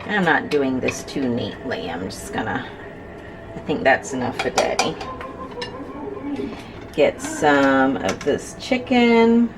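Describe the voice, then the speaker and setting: This mother, who moved to the US from abroad as a sixteen-year-old, has an extremely low, sing-song voice and takes her time, pausing often as she laughs and plays around with her family for a vlog. The background is noisy, with clear music under her speech.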